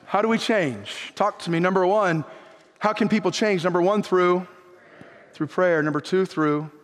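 High-voiced pastor preaching in a hall. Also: male voice, normal speed. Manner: impassioned preaching, rising to near shouts then dropping low. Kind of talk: sermon. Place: church sanctuary. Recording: long reverb of a church hall.

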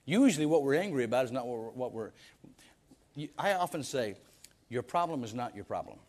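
Delivering a sermon, this man has a medium-pitched, lively voice that's a little fast and a little mellow. He presses his points with rhetorical questions, stammering and restarting on repeated words.

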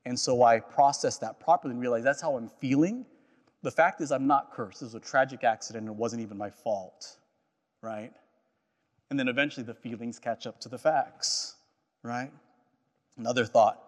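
A man's voice: on the high side, fairly quick. A man preaching a sermon as a pastor, earnest and personal, often repeating phrases and checking in with "right?". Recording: echoey hall.

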